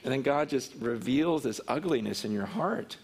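A man's voice: mid-range voice, lively intonation, normal speed, husky. A man preaching in an earnest way, telling a personal story and acting out what others said. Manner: earnest, personal storytelling that acts out quoted speech. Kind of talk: sermon storytelling.

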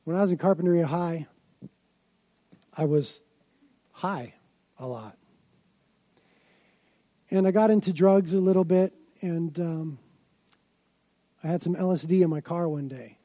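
High, mellow-voiced preacher. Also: male voice, a little slow, pauses often, no echo. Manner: dramatic storytelling, emphatic build-ups. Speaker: pastor. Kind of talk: sermon.

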